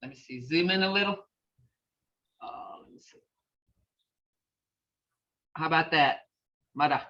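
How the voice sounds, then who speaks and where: A woman teaching a language class over a video call, patiently saying phrases slowly and repeating them for her students. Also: deep voice, fairly bright tone. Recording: distant, roomy, dull video-call audio.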